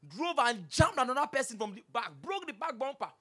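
A Nigerian-accented male pastor delivers a sermon with a high, bright voice. His pitch leaps around as he jokes and fires rhetorical questions at the congregation. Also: brisk. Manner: animated preaching with humor and repeated rhetorical questions.

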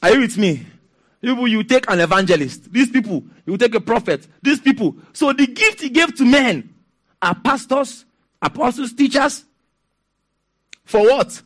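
A man's voice: very high voice, moderate pace. A man with a Nigerian accent preaching a sermon as pastor, telling stories with laughter and asking the congregation to respond. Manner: animated, storytelling with laughs and call-and-response.

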